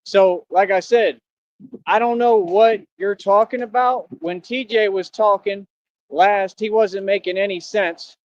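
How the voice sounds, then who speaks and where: A man's voice: high-pitched, fairly even intonation, measured pace, no room sound, highs cut off. A man from Austin, Texas, ranting confrontationally on a livestream in streetwise slang with lots of repetition.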